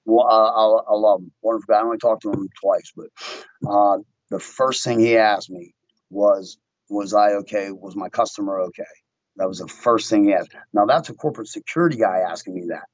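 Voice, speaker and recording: Man guest recounting a story with lively acted-out quotes; dry, dull-sounding podcast audio. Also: on the low side, brisk, no room sound. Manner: animated storyteller acting out his own quotes. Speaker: guest, window tint shop owner. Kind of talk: casual storytelling chat.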